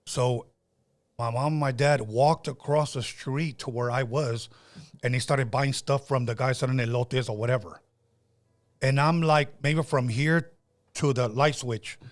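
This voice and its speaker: A man's voice: medium pitch, normal speed, dry recording. Rambling male podcast host, dry sound. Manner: rambling, many restarts. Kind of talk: casual podcast chat.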